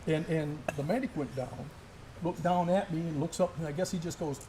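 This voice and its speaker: A middle-aged man recounts his army days with animated, blow-by-blow energy. His voice sits somewhat high for a man. Faint background noise hangs under the talk in the indoor event space. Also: brisk. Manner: animated, vivid play-by-play storytelling. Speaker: military veteran telling war stories. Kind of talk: live interview storytelling.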